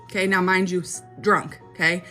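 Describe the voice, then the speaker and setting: A woman's voice: on the low side, little pitch movement, moderate pace, bright, forceful tone, faint music behind. A young woman casually telling a personal story, chatty and dramatic, often checking in with her listener. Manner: chatty, keeps checking in with "okay?".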